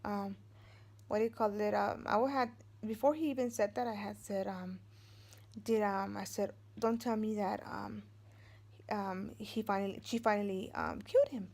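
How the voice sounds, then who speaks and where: A woman's voice: mid-range voice, steady tone, normal speed, a little mellow. A woman in her forties, a vlogger and mother of three, telling a story casually, rambling with many fillers and restarts and acting out what others said.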